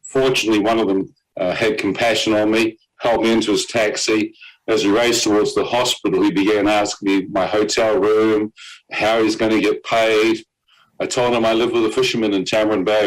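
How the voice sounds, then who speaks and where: Man, low-pitched, personal testimony, vivid storytelling, fillers, short laughs. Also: flat delivery, a little fast, poor audio. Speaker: guest giving a testimony.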